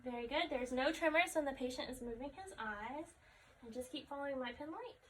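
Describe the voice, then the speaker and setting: A woman conducting a step-by-step health assessment, calmly asking questions and repeating the answers back. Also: high-pitched, brisk. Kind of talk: clinical health assessment demonstration. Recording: distant mic with faint background noise.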